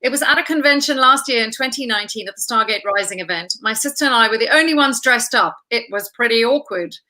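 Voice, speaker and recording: Female interview host, higher-pitched, bright forward tone, upbeat reader of viewer questions. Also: fast. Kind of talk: reading fan questions in an interview.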